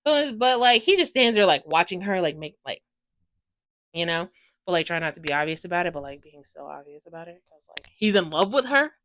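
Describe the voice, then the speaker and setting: A woman's voice: lowish voice, brisk. Gushing, rambling young woman book reviewer. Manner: gushing, rambling, excitable, swears freely, lots of "like". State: tired from no sleep. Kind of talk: casual chatty book review.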